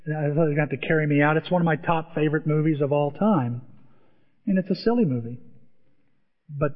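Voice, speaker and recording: Man preaching, high voice, lively storyteller, dull recording, long hall reverb. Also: fairly quick. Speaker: pastor. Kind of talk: sermon.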